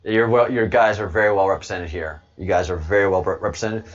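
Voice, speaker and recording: A man's voice: sits low, fairly even intonation, fast talker, muffled recording. A man hosting a casual livestream, rambling to his chat and stammering over repeated words with frequent chuckles. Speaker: livestream host reading chat.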